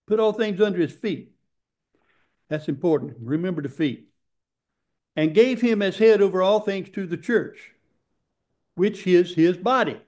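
A man preaching a sermon, getting excited and repeating scripture lines for emphasis. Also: high-pitched, normal speed, long pauses.

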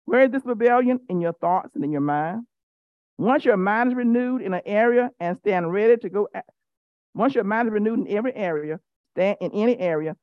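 A woman's voice: mid-range voice, no echo, muffled recording. Woman bible teacher preaching, says things twice, dry close sound. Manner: emphatic, repeats key phrases; teases the listeners directly. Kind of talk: sermon.

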